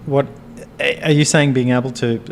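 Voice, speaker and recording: A man with an Australian accent making a measured point in a casual pub-style political discussion, hedging with fillers as he thinks aloud. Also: medium pitch, steady tone, creaky, slight background noise. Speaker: panel member of a political discussion show.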